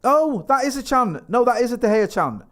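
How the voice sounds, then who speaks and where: Relaxed man hosting a podcast. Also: very high voice, fairly quick. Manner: relaxed, trails off, reads out viewer comments. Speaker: podcast host. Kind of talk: casual chat.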